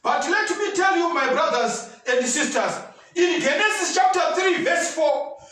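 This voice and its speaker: A man preaching with a very high, lively, swooping voice that rises into fervent shouts for emphasis. His tone is bright and forceful. He sounds distant from the mic, in a heavily echoing room. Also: unhurried. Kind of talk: sermon.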